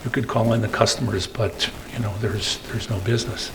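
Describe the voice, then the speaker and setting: An older man giving a rambling storytelling talk at a meeting, tagging his sentences with "okay?" and pausing on fillers. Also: lowish voice, steady tone, background noise. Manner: hesitant fillers between phrases. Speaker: guest speaker.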